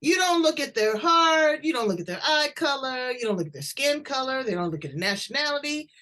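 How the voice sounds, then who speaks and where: Woman, host, blunt, chatty, animated pitch. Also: fairly quick. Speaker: talk show host. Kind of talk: interview, casual chat.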